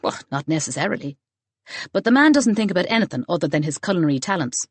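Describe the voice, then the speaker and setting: A woman's voice: on the low side, animated, fast talker, husky, no echo. A woman reading a dry-spoken grown man.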